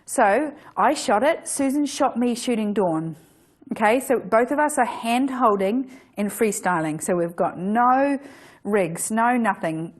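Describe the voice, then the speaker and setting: A woman's voice: a little high, animated, measured pace. A woman photographer giving a casual workshop talk, chatty, with frequent restarts and self-corrections.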